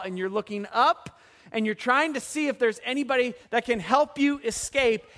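A man preaching a sermon as pastor, animated and putting questions to the congregation. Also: extremely high pitch.

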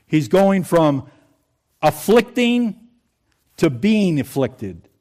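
Brief: male preacher, slightly high voice, talks with the congregation and quizzes them. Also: sing-song, drawn-out words, darkish tone. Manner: conversational, asks the congregation questions. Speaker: pastor. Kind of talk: sermon.

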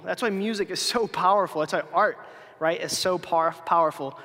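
A man's voice: high-pitched, fairly quick, bright, forceful tone. A young man giving a casual youth sermon, chatty and full of restarts and filler words, poking fun at his own slips. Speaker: youth speaker. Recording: long hall reverb.

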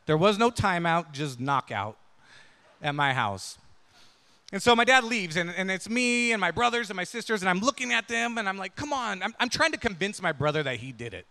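A male pastor with a high, bright, forceful voice tells a story from the pulpit. He keeps it conversational, tossing "right?" and "yeah?" to the congregation. His words ring out with a long hall reverb. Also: sing-song, fairly quick, clear, resonant tone. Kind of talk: sermon with personal storytelling.

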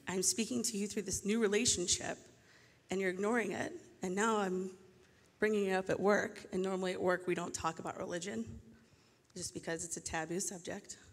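A woman's voice: medium pitch, fairly even intonation, brisk. A woman sharing a personal testimony in church, emotional and tearful as she tells her story. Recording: long hall reverb.

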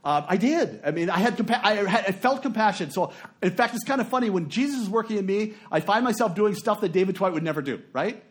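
Middle-aged male preacher with a fairly high voice; storytelling sermon that moves between quiet and emphatic. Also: expressive, quick pace.

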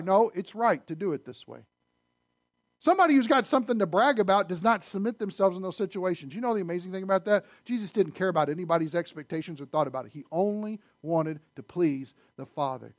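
A man preaching a sermon in a conversational way, asking the listeners questions and swinging between loud emphasis and hushed asides. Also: high voice, lively intonation, a little fast, no room sound, clean studio sound. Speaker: pastor.

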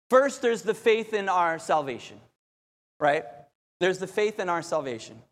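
Man, high voice, preacher, lively storytelling sermon, long hall reverb. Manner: animated storytelling, repeats phrases, addresses the crowd directly.

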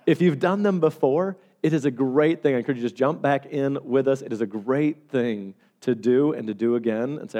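A man preaching a sermon as pastor, telling stories with animated swings between loud and hushed delivery. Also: mid-range voice, fairly quick, few pauses.

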